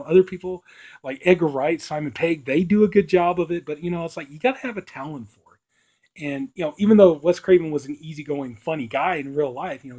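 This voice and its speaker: A man's voice: fairly high pitch, mellow. A man casually retelling and reviewing a horror movie, rambling along with constant filler words. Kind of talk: casual plot recap and review.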